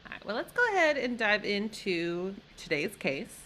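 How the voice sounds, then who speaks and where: A woman hosting a podcast, presenting a case in a relaxed chat with frequent ums. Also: medium pitch, moderate pace. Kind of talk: casual chat.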